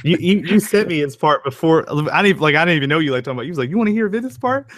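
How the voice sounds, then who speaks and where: A man's voice: a little high, very fast, a bit bright, no echo. Slangy young man joking, dry sound. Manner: slangy, profane, joking, trails off. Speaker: fellow horror story narrator. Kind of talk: casual chat.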